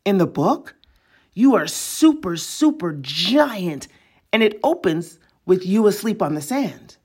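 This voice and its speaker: A woman's voice: medium pitch, very animated, slow, darkish tone, breathy edge, full character voice. A woman voicing a strange, eager, awkward frog-like young boy who stammers and pleads in a storybook reading. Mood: odd, curious.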